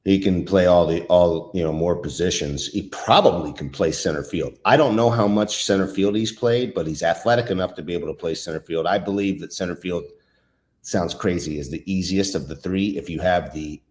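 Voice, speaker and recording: A man giving casual baseball analysis on a sports talk show, halting and opinionated, with frequent restarts. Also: sits low, darkish tone.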